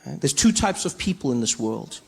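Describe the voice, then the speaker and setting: A man with a South African accent doing stand-up comedy, telling stories in a playful, animated way. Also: medium pitch, brisk, vocal fry, breathy edge. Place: comedy stage.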